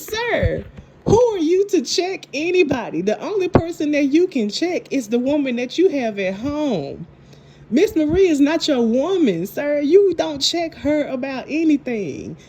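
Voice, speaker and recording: Woman reviewer, sassy animated recap, warm higher voice. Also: slight background noise. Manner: sassy, animated retelling with acted quotes. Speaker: TV show reviewer. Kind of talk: casual recap chat.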